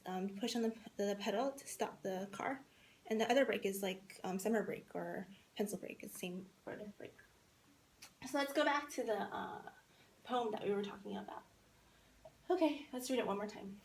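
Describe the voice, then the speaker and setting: A woman giving a classroom poetry lesson, spelling words out and repeating them slowly for young learners. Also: mid-range voice. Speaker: teacher. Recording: echoey room with faint noise.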